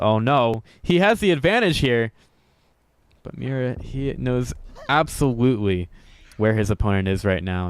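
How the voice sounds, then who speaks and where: A man's voice: mid-range voice, clean tone, no echo. A man giving upbeat, jokey play-by-play commentary on a video game match, chuckling often and poking fun at himself. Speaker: esports commentator.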